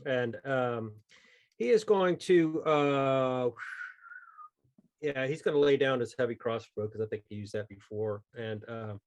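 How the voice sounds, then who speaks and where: A man's voice: medium pitch, measured pace. A man running a tabletop game as game master, talking in a loose, rambling way with many fillers and chuckles.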